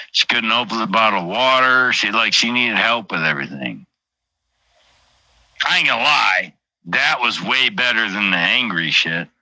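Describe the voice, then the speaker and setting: A man's voice: medium pitch, sharp tone, no room sound, rough recording. A man telling a personal story on a casual livestream, blunt and heavily profane, often repeating his phrases. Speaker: livestream host.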